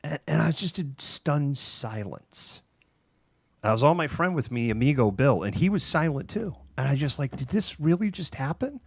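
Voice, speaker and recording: A middle-aged man hosting a casual talk show, telling a long anecdote in an animated way, laughing between phrases and using many fillers. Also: medium pitch, moderate pace, creaky, no echo. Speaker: host. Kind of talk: casual chat, anecdotal storytelling.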